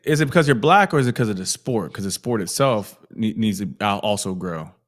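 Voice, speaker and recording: A man's voice: lowish voice, animated, a little fast. A man hosting a casual interview, laid-back and teasing in his interjections.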